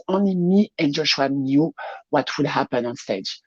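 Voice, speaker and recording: A woman with a French accent, a pageant showgirl talking as a guest in a casual interview, laughing often and pausing to find her words. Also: low-pitched, lively intonation, lo-fi sound.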